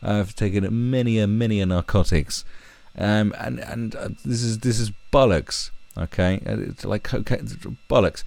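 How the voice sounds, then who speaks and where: A man's voice: on the low side, normal speed, vocal fry, darkish tone, no echo. A man ranting angrily in commentary, swearing and mocking. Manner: angry, sweary rant with mocking put-on voices.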